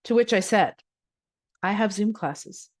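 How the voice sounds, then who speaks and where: A woman's voice: medium pitch, a little slow. A woman with a Canadian accent hosting her own podcast in a chatty, upbeat way, reading listener comments aloud. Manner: chatty, upbeat, laughs easily. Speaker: podcast host and yoga teacher.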